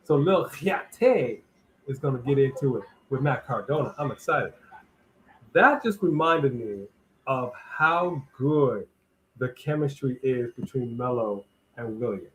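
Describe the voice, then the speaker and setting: A man's voice: medium pitch, lively intonation, measured pace, a bit bright, slight background noise, rough recording. A man co-hosting a live wrestling watch-along, chatting casually and animatedly as he reads out viewers' greetings and weather. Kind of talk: casual live-stream chat.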